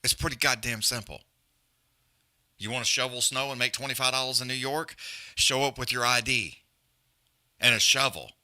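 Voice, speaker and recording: Hosting a fight companion stream, a man rants bluntly and profanely in a casual way, repeating himself, before moving on to call the fight live. His voice is medium-pitched, pushed, and bright.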